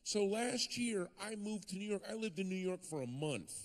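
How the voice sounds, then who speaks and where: A man performing stand-up comedy, telling stories with animated swings and sudden shouted punchlines. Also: high-pitched, normal speed. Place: comedy stage before a live audience.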